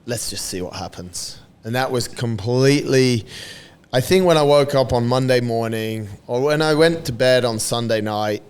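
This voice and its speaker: A man's voice: medium pitch, moderate pace, a little mellow, clean tone. A man in a podcast interview, telling a story in a casual way. He laughs often, swears and acts out what others said. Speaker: podcast guest.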